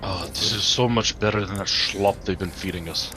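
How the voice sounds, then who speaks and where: A man's voice: low-pitched, steady tone, moderate pace, sharp tone, soft background music, low-quality recording. A man playing a tabletop game, casually describing what his character does. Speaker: player.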